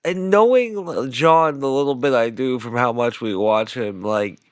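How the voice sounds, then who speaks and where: A man's voice: mid-range voice, normal speed, clear, resonant tone, no room sound, clean studio sound. A man co-hosting, chatting casually and with amusement about a clip. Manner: laid-back, amused. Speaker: co-host reacting to a clip. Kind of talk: casual chat.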